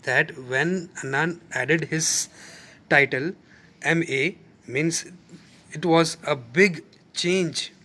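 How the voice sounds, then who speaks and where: A man's voice: fairly high pitch, slow, long pauses, bright, forceful tone. A male school English teacher with an Indian English accent, patiently explaining a lesson to students and defining words as he goes.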